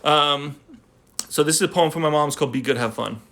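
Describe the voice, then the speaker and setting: A man with a gravelly, fry-laden voice sits at home and chats on a phone livestream. He rambles and jokes with plenty of fillers, then reads his poetry aloud. His voice sits a bit higher than most men's. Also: a little fast, a bit bright. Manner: rambling, joking, with many fillers. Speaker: poet. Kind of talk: casual live-stream chat and poetry reading.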